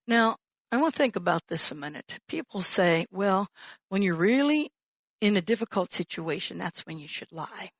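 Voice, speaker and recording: A woman pastor delivers a sermon in a mid-pitched voice, swinging between loud, bright acted-out lines and hushed, low emphasis. The sound is dry and close, with no room echo. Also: moderate pace, husky. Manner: animated storytelling, acts out quoted voices.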